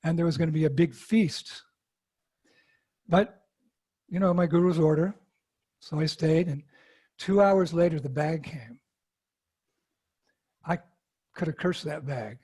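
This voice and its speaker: Husky man telling a lively story. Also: fairly high pitch, unhurried, pauses often. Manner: animated anecdotes with acted quotes and laughter. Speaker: interview guest, monk. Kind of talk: storytelling in an interview.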